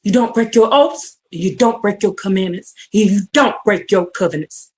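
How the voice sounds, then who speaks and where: A woman preaching a livestreamed sermon, fervent and building to shouted exhortation. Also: medium pitch, normal speed.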